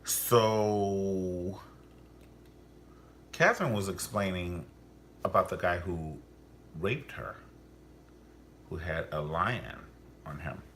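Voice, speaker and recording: A man's voice: low-pitched, drawn-out words, long pauses, fairly bright tone, a little hiss or hum. A man reviewing a TV series in a vlog, blunt and profane, swinging theatrically up and down as he rants. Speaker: TV show reviewer. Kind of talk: ranting commentary vlog.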